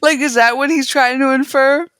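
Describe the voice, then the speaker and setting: A woman co-hosting a podcast, recapping a TV episode in casual chat with animated retelling and frequent laughter. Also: high voice, moderate pace, no room sound. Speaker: podcast co-host.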